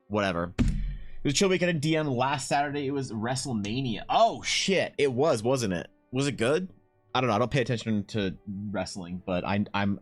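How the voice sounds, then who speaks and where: A man in his thirties from Canada, rambling and swearing casually while chatting live with his stream viewers. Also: on the low side. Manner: rambling, profane, animated asides.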